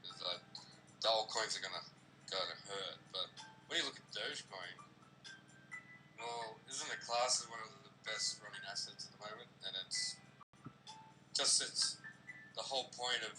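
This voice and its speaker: A man's voice: lowish voice, moderate pace, long pauses, music in the background, rough recording. A man with an Australian accent, chatting casually on a livestream, rambling and laughing often. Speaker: co-host.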